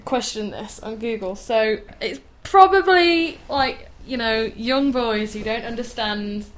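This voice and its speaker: A young woman co-hosting a casual comedic chat, giggly and quick to protest, turning earnest when she disagrees. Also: a little high, expressive, low-quality recording. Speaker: co-host.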